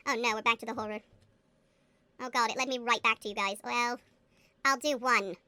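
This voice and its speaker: A woman's voice: fairly high pitch, quick pace, pauses often, bright, forceful tone. A woman chatting to herself as she plays a game, giggly and playful, now and then slipping into a put-on accent. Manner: chatty, giggly, talks to herself while playing; slips into a playful mock accent. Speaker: gaming booktuber. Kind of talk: casual game commentary.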